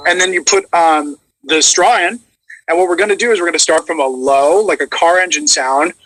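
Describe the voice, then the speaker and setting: Bright-voiced man coaching warm-ups. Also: a little high, a little fast, no room sound, low-quality recording. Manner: instructive, animated with vocal demonstrations. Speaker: voice actor, coach. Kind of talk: casual chat, demonstrating vocal warm-ups.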